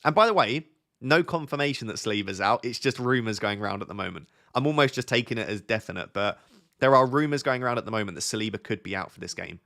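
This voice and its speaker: A young man with a southern English accent talks casually on a live stream, reading out viewers' messages and answering them. His voice sits in an ordinary middle register and his manner is relaxed and friendly, thinking aloud as he goes. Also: medium pitch, fast talker, gravelly. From Essex, England. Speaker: fantasy football streamer.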